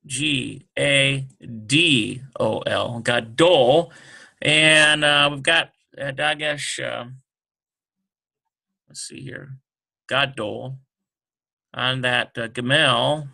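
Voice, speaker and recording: A man teaching a relaxed language lesson, working through words slowly and thinking aloud with many fillers. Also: medium pitch, creaky. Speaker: Hebrew teacher.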